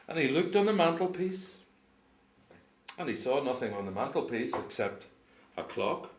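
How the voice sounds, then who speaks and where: A man telling a folk tale to a live audience, chuckling often and dropping into quiet voices for the characters. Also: a little high. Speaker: storyteller. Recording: roomy live recording with audience.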